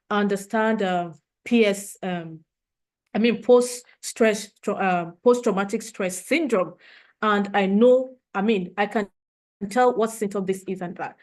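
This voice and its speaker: A woman's voice: medium pitch, a little slow. Earnest woman giving a training talk. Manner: earnest, emotional, repeats points for emphasis. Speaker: leadership trainer.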